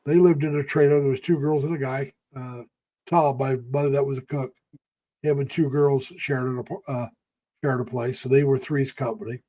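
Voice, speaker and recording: An older man from the United States chats on his live stream in a mid-pitched, ordinary voice. He rambles through folksy memories with plenty of fillers and stops to greet viewers by name. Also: steady tone, normal speed, dark tone. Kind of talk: casual live-stream chat.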